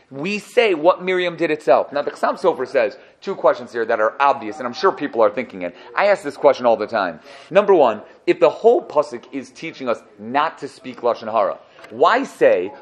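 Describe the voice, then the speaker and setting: Animated joking man teaching Torah. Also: on the high side. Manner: animated, joking, acts out dialogues. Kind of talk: casual Torah class.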